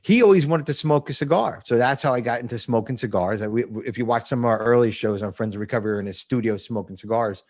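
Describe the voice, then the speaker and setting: A man's voice: mid-range voice, quick pace, hardly any pauses, darkish tone. A man in his fifties from New Jersey, a podcast guest talking about recovery in a blunt, profane way and laughing often. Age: 50s. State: emotional. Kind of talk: casual recovery interview.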